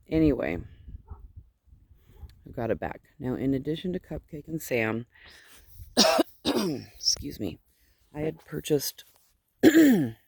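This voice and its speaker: A woman sheep farmer with a husky morning voice, just up and chatting casually into a handheld phone outdoors at her barn, wandering off topic as she goes. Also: very deep voice, a little mellow. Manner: chatty and digressive, easily distracted. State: just woken up, yawning. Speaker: sheep farmer and fiber seller.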